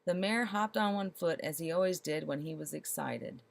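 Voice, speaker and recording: A woman reads a children's story aloud, her voice sitting a little on the low side. She is expressive and slows down to savor the comic details. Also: creaky, no echo.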